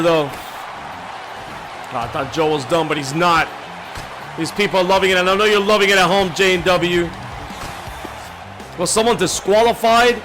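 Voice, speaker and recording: High-voiced hyped man calling wrestling. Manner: hyped, loud, shouting calls. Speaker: play-by-play commentator. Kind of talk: excited wrestling video game commentary. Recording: game music and crowd noise loud behind. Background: video game crowd and music.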